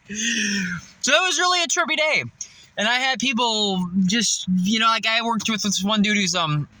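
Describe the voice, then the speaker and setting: A man's voice: high voice, unhurried, bright, forceful tone, no room sound, poor audio. A man telling a casual, profane story about coworkers, laughing often and acting out their voices. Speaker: fast-food worker venting.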